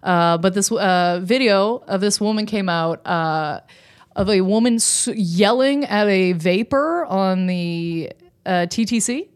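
Podcast co-host, woman, animated chatty storyteller who laughs often. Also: mid-range voice, takes it slowly, smooth. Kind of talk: casual podcast chat.

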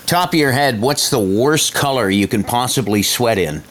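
Playful questioning man, lively pitch. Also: moderate pace. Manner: playful, asks probing questions. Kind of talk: casual chat.

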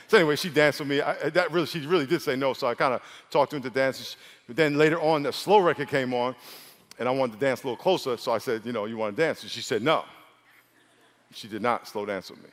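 A pastor from New York preaching a humorous sermon, acting out dialogue between stories. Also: male voice, fast talker. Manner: storytelling, acts out dialogue with big pitch swings and laughs. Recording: long hall reverb.

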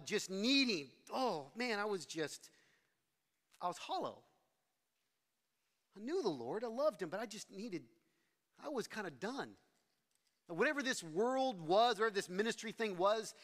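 In a big-room sound, a middle-aged pastor with a high-pitched, fairly bright voice preaches a sermon. He tells a personal story conversationally and self-deprecatingly, restarting often.

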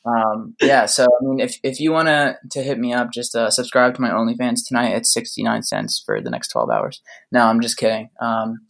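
A man's voice: on the low side, gravelly. A man on a podcast as a guest, chatting casually in a laid-back, joking way.

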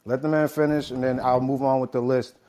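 A man moderating a crowded audio room, talking quickly and firmly to restore order. His voice sits in a middle register and sounds set back from the mic. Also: medium pitch. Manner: urging calm, firm, rapid.

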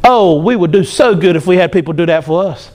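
A male pastor preaching a sermon, animated, acting out the voices of proud people. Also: high-pitched, brisk.

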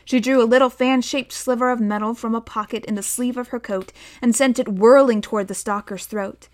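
A woman narrating a novel aloud in a steady storytelling manner, voicing the dialogue. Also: fairly high pitch, a little fast. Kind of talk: audiobook narration.

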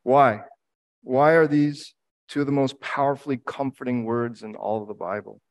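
A man's voice: medium pitch, fairly even intonation, moderate pace. Grieving middle-aged man preaching earnestly. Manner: earnest, reflective preaching with emphatic repetition. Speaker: pastor. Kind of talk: sermon.

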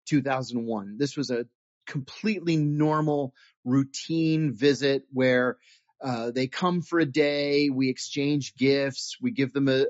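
A former intelligence officer telling stories in an interview, earnest and animated, often restarting his sentences. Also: mid-range voice, no room sound. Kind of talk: interview storytelling. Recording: dull dry lo-fi audio.

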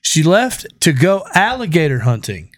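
A man's voice: a little high, big pitch swings, moderate pace, no room sound, studio quality. A man hosting a podcast in casual chat, joking and swearing freely. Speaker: podcast host.

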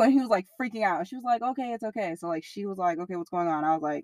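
A young woman speaking candidly in an interview, in casual slang-heavy talk that turns animated when she quotes others. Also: medium pitch, very fast, few pauses, dry recording.

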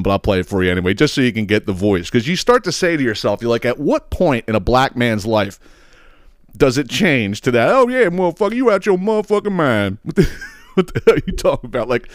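A man's voice: fairly low pitch, dry recording, studio quality. A man hosting a podcast, ranting casually with lots of swearing and laughter. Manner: profane, laughing often, animated. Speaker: podcast host. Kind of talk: casual comedic rant.

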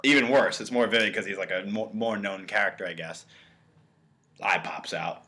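A young man with a voice on the low side co-hosts a podcast at a moderate pace. He chats casually and tells stories with energy, acting out the quotes in the scenes he retells.

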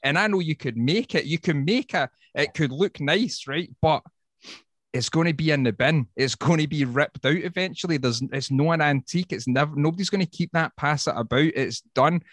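A man's voice: on the high side, moderate pace, dry recording, clean studio sound. A Scottish man, a woodworker, talking bluntly and swearing a lot in a casual podcast chat. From Scotland. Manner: sweary, blunt, animated storytelling. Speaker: woodworker guest.

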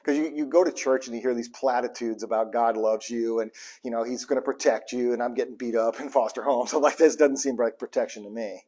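A pastor preaching a live sermon with passion, dropping to a hush and then bursting out loud, chuckling between points and repeating lines for emphasis. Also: male voice, mid-range voice, steady tone, fairly quick. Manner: impassioned preaching, swings from hushed to loud bursts.

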